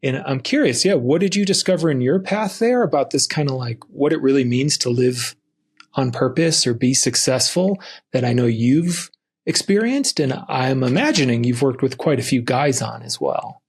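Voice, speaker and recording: Male host, husky, gravelly; relaxed, curious interviewer. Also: medium pitch, moderate pace. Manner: curious, relaxed questioning with fillers. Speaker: podcast host. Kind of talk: casual interview.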